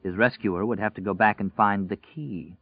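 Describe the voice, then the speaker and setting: A man narrating a dark story in a measured, tense storytelling voice. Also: on the low side, breathy edge, no echo. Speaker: audiobook narrator. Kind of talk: dramatic scripted narration. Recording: tinny, phone-like and dry.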